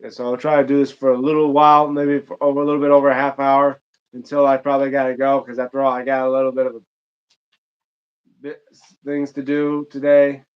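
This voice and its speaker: Rambling streamer from Michigan. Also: male voice, medium pitch, level tone, fairly quick, smooth, dull audio. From Michigan, United States. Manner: rambling, chatty, many fillers and restarts. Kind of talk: casual live-stream chat while gaming.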